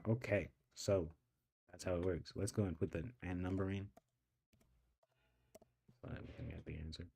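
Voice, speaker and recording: A young man streams himself studying calculus, talking to his viewers in a loose, casual way. His voice is mellow and dark. He repeats his questions aloud, working through each step until it makes sense. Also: deep voice, fairly even intonation, moderate pace, vocal fry, breathy edge.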